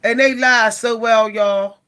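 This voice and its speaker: A woman talking casually to camera as a vlogger, animated and exasperated, often repeating herself and calling out to her viewers. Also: on the high side, slow.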